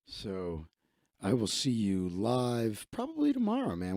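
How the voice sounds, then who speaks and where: A man rambles through the end of his live stream in a crude, joking way. His pitch swings widely while his tone stays dark and mellow. The sound is dry, with no room echo. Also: huge pitch swings, unhurried. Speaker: livestream host. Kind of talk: casual live-stream chat.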